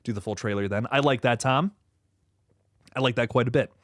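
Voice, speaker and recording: Hosting a laid-back livestream, a man reads viewers' comments and rambles animatedly, cursing freely with frequent laughter. He speaks briskly at medium pitch in a dry, studio-quality recording.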